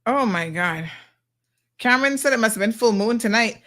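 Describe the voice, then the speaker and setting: A woman's voice: fairly high pitch, lively intonation, moderate pace, fairly bright tone. Sassy woman hosting a talk show. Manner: blunt, sassy, exclamatory. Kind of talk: livestream talk show, reading viewer comments.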